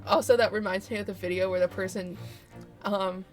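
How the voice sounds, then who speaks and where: A woman's voice: mid-range voice, steady tone, brisk, a little mellow, faint music behind. A woman streaming, chatting casually in a rambling, chatty way and laughing often. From United States. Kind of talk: casual chat while playing a game.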